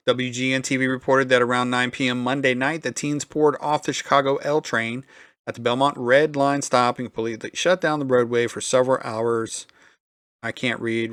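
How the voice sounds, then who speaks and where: A man's voice: mid-range voice, normal speed, a bit bright, no room sound. A man in the middle of his range talks through a reaction video. He is sarcastic and drops his voice into muttered asides. The sound is dry and close. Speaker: commentary channel host. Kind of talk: casual reaction commentary.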